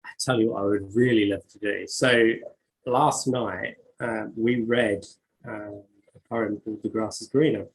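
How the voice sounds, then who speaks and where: A man's voice: lowish voice, fairly even intonation, a little slow, poor audio. A man, a poet being interviewed who talks with many fillers and restarts and reads his own poems aloud. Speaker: poet and author. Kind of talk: conversational interview, reading poetry aloud.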